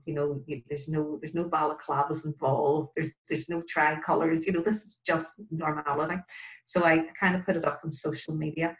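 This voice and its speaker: A woman's voice: low voice, low-quality recording. A woman, chatting candidly as an interview guest and laughing at herself. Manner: candid and self-deprecating, laughs often. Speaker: guest, Irish language learner. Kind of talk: casual interview chat.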